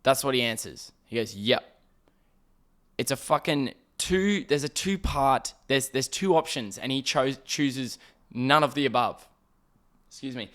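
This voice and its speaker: Young man ranting on a podcast. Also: medium pitch. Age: young adult. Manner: animated, profane ranting with asides. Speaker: podcast host. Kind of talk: casual solo podcast storytelling.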